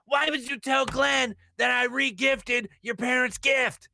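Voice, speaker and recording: Man doing a gruff male radio host, blustery yelling, higher than his own voice, bright edge. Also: lively intonation, moderate pace, no echo, studio quality, heavily acted. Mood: angry.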